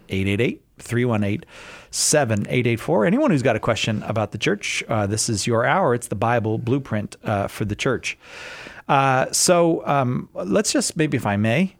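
Jovial radio host, dry close sound. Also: male voice, mid-range voice, no room sound. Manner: jovial, chatty, gives the call-in number. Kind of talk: radio call-in host banter.

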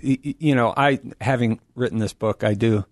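A middle-aged man as a radio guest, talking in an enthusiastic, rambling way with a preacher's warmth. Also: medium pitch, moderate pace, no echo, clean studio sound. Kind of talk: casual radio talk.

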